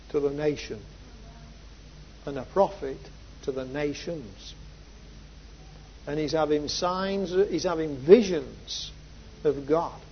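A man preaching a sermon, moving from soft reflective passages to loud, emphatic repeated phrases. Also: on the high side, a little hiss or hum. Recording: dull lo-fi sound.

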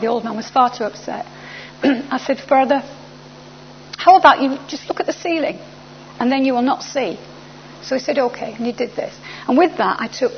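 A woman's voice: a little high, creaky. A woman telling a personal story from her travels and acting out the other people's lines. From England. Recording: dull lo-fi recording with faint hum.

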